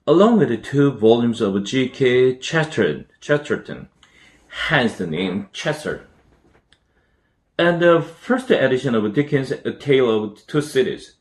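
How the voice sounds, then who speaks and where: A man's voice: medium pitch, expressive, measured pace. Man reading a storybook. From Korea. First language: Korean. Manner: careful, with small slips and restarts. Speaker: English teacher reading aloud. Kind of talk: storybook read-aloud practice.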